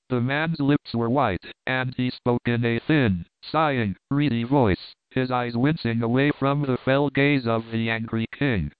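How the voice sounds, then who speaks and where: A man narrating a historical novel as an audiobook, in a steady, dramatic reading. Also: medium pitch, moderate pace, few pauses, clean tone, dry recording. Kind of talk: scripted narration. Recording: tinny narrow-band dry recording.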